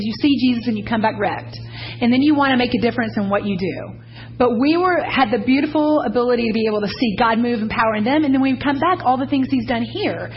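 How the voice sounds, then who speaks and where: A woman's voice: high voice, dull audio. A woman, leading a church mission team and sharing enthusiastic, rambling testimony with a congregation.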